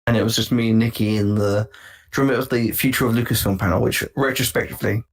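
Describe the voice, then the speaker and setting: A man co-hosting a live podcast, reminiscing in a relaxed, hesitant way. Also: lowish voice, rapid-fire. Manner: relaxed, hesitant, with fillers and restarts. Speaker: podcast co-host. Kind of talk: casual chat.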